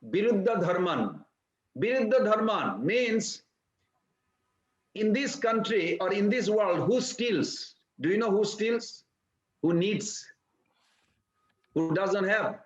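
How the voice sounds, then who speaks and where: A man teaches a scripture class in a high voice, telling stories animatedly and firing rhetorical questions at his listeners. The recording is echoey and lo-fi. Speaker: spiritual teacher. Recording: echoey room, dull lo-fi sound.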